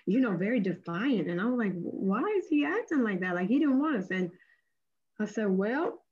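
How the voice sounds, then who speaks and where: A woman telling a faith testimony as a lively story, acting out the voices of the people in it with big jumps in pitch. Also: slightly rough, highs cut off. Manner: acts out quoted speech with big pitch jumps. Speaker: guest sharing a testimony. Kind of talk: animated storytelling.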